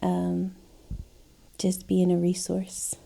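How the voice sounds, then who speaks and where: A young woman co-hosting a podcast with her husband, speaking hesitantly and softly in casual chat. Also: fairly low pitch, completely flat delivery, extremely slow, vocal fry, slight background noise. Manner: hesitant, many fillers, soft-spoken. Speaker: podcast co-host.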